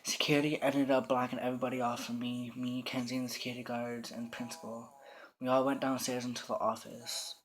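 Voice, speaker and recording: A teenage boy telling his own story in the first person, quiet, somber and plainly spoken. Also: medium pitch, little pitch movement, a little fast. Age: teens. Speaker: storyteller recounting coming out.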